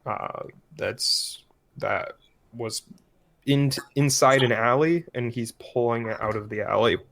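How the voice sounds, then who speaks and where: A man as game master, narrating a tabletop game in a loose, relaxed way, filling his lines with "like". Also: medium pitch, slow pace, gravelly.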